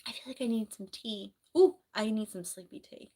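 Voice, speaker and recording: During a casual live stream, a woman rambles chattily and reads out comments as they arrive, speaking softly at a middling pitch and normal speed. A sore throat has her clearing it from time to time.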